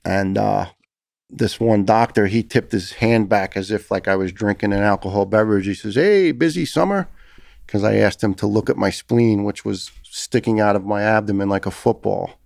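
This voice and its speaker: A man's voice: fairly low pitch, little pitch movement, normal speed, creaky, a little mellow, no echo, clean studio sound. A middle-aged man with a New York accent, a former firefighter telling his story as a podcast guest, talking intensely and earnestly with frequent restarts. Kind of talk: conversational storytelling.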